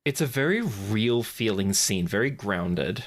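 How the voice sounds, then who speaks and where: A podcast co-host recapping movie scenes in calm, measured casual chat. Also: mid-range voice.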